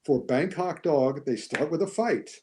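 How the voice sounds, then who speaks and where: A man's voice: fairly high pitch, measured pace, dark tone, breathy edge. A man who is a guest author on a podcast, chatting casually with dry, wry sarcasm. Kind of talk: casual chat.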